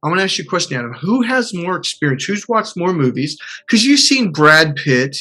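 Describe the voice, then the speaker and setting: A man coaching a client in an animated way, acting out quotes and swearing casually. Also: high voice, brisk. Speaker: life coach. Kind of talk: coaching session.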